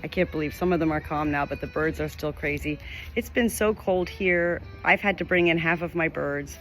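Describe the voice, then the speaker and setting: Soft music plays behind a middle-aged medium as she talks to the camera from her farm home at a moderate pace. Her voice is low and a bit bright, and her spiritual message comes out earnest, rambling, and full of repeated phrases.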